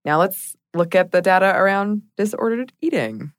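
A woman's voice: mid-range voice, expressive, moderate pace, no room sound, studio quality. A woman co-hosting a podcast in casual chat, reflective and hedging, laughing often. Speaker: podcast co-host.

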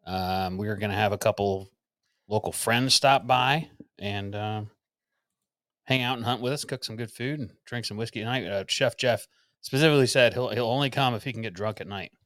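A man's voice: on the low side, moderate pace, fairly bright tone, dry recording, studio quality. A man co-hosting a podcast in casual, rambling chat with fillers and chuckles. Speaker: podcast co-host.

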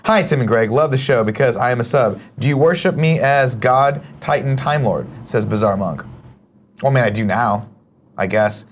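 A man's voice: mid-range voice, moderate pace, a little hiss or hum. A man hosting a casual morning show, joking around and reading viewer comments aloud. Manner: joking, animated, swings into silly voices.

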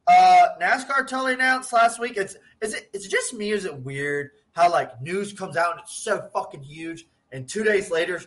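A man chats on a podcast in a loose, animated way, cursing freely and laughing between points. His voice sits a little high and rings bright and forceful. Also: moderate pace, hardly any pauses. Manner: animated, swears a lot, laughs often. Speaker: podcast co-host. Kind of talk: casual profane chat.

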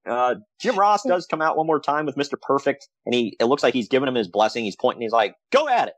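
A man's voice: medium pitch, no room sound. A man co-hosting a podcast, chatting casually about old wrestling shows with sarcastic asides. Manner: animated, sarcastic asides, quick laughs. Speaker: podcast co-host.

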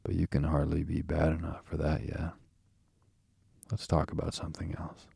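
A man's voice: extremely low pitch, completely flat delivery, vocal fry, warm tone, husky, dry recording, studio quality, exaggerated voice. A man reading the part of a cheerful, practical water rat who talks heartily to his friend. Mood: hearty. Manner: hearty, brisk.

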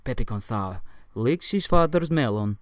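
A man bantering on a comedy podcast, his pitch jumping about in a lively, animated way. He giggles through his lines and swears without a second thought. The sound is dry and close, with no room around it. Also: normal speed, dry recording. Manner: giggly, swears freely, breaks into laughter. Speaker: podcast co-host.

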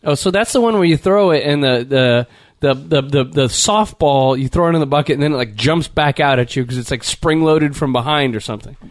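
A man's voice: on the high side, a little fast, dry recording. A man from Southern California co-hosting a comedy podcast, joking and riffing with mock East Coast voices. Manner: jokey, slips into loud exaggerated East Coast impressions. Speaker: podcast co-host.

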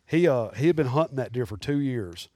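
A man, telling animated, rambling hunting stories as a podcast guest. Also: medium pitch, brisk, no room sound. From Alabama. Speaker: guest taxidermist. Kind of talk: casual storytelling in a podcast interview.

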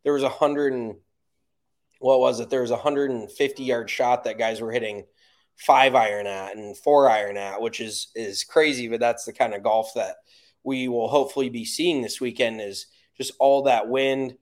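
An American man rants bluntly about golf, swearing freely as he goes. His pitch sits in the middle of the usual range. It is loose, unscripted podcast chat. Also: steady tone, moderate pace. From United States. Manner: blunt, profane ranting. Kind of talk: casual chat.

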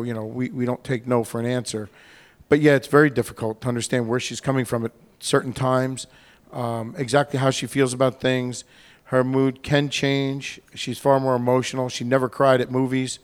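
Male panel guest, plain mid pitch, candid and rambling, acts out quotes. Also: creaky. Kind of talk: casual Q&A answer.

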